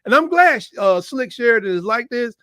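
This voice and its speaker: Male co-host, sports talk, high animated voice, loves a tangent. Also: normal speed, no echo, studio quality. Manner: animated, playful storyteller, laughs often. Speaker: co-host, Alabama fan. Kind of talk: casual sports debate chat.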